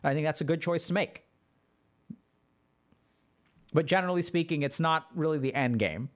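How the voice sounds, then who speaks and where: A man's voice: on the high side, fast talker. A man hosting a casual livestream, answering chat questions in a loose, explanatory way with plenty of filler words. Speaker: podcast host answering chat.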